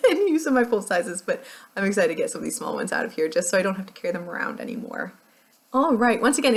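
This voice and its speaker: An American woman talking casually through a beauty project, chatty and rambling with frequent laughs. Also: medium pitch. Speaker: beauty vlogger. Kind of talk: casual product chat.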